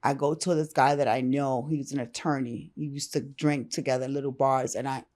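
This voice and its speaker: A middle-aged woman from Brooklyn, a guest telling her own story in a candid, animated, slangy way, acting out what others said. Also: a bass voice, moderate pace. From Brooklyn, New York. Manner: animated, acts out others' lines, slangy and informal.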